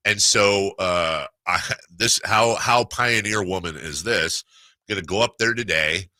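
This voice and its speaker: A man's voice: low voice, measured pace, pushed and bright, dry recording. A middle-aged man hosting a sports radio show, rambling and laughing through a casual story. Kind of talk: casual chat.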